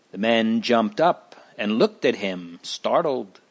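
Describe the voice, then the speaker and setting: A man reading a chapter book aloud in a slow, deliberate storybook narration. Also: fairly low pitch, lively intonation.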